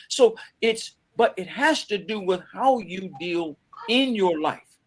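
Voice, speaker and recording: A middle-aged man telling stories as a guest in a panel conversation, animated and repeating words as he acts out quoted voices. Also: sits high, slow pace. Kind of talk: conversational storytelling. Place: bookstore event conversation.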